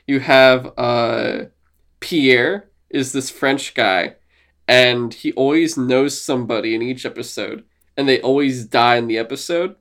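A young man with a medium-pitched voice co-hosts a podcast, chatting casually and excitedly. He swears a lot, laughs, and puts on silly voices.

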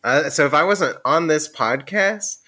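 Giggly man with lively bright voice. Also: fairly high pitch, measured pace. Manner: giggly, laughs often, bursts into silly sung bits. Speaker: podcast co-host. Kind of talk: casual comedy banter.

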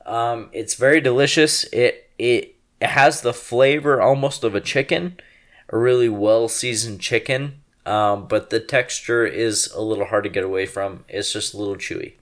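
Here is a young man from the western US who co-hosts a casual podcast. He is tipsy and rambles, laughs easily and stumbles over his words, at an ordinary pitch for a man. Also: fairly even intonation, normal speed. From Western United States. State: drunk. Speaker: podcast co-host. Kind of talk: casual chat.

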